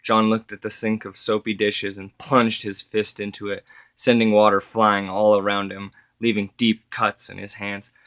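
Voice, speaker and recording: A man reading his story aloud as narrator, steady with occasional self-corrections. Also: lowish voice, moderate pace, no echo.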